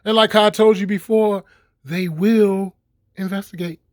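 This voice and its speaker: Middle-aged man with a high, dry voice; cussing, stop-start vlog rant. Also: a little slow, no echo. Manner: animated and swearing, with laughs and repeated stammered restarts. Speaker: vlogger. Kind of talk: profane ranting monologue.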